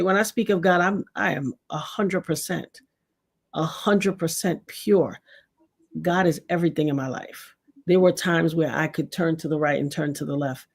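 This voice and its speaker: A woman's voice: low-pitched, gravelly, slightly rough. Effusive New York woman hosting a live stream. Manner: warm, effusive, religious, gives shout-outs. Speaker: livestream host. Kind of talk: casual live-stream chat.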